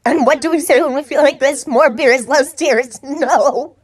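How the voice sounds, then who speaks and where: A woman reading funny tweets aloud to camera in a playful way, jumping up in pitch for punchlines. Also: unhurried, dry recording. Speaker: tiktok creator reading tweets.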